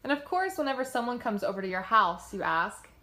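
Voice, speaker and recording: A woman's voice: fairly high pitch, very animated, fairly quick, sharp tone, roomy sound. A woman, presenting a class project on dialects and stumbling now and then. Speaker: student presenter.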